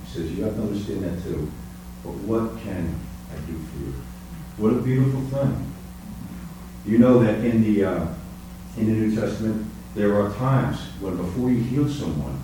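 A male preacher delivering a sermon, with his voice ringing through a very echoey space. He sits back from the microphone, and a faint hum runs underneath. He swings between quiet reflection and soaring emphasis. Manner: swings from soft, low musings to high, emphatic preaching. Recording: echoey room, distant mic.

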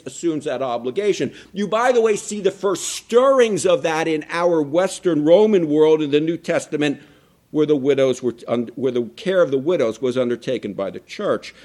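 Male pastor, sermon delivery, emphatic and explanatory, slightly high pitch. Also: darkish tone. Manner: emphatic, explanatory preaching with rises and drops.

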